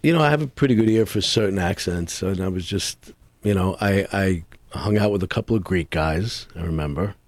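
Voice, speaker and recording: New york guy, really deep voice, rambly animated stories, lots of restarts. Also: fairly quick, no echo. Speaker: actor guest. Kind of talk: casual interview storytelling.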